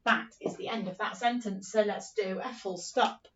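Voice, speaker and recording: A woman teaching an early-years phonics lesson in a slow, sing-song, encouraging way, acting out story lines as she goes. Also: mid-range voice, fairly bright tone, far from the mic, highs cut off, slight background noise.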